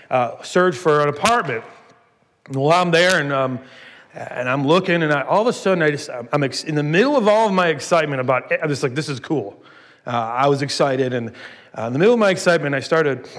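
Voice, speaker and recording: Pastor, man, fairly high voice, storytelling sermon with punchy emphasis, long hall reverb. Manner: storytelling, animated emphasis, folksy asides.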